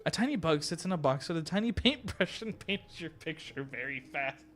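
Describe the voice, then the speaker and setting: A man voicing a sweet, naive young noblewoman cat in a video game, with a high, lilting girlish voice. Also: lively intonation, moderate pace, a bit bright. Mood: naive chatter.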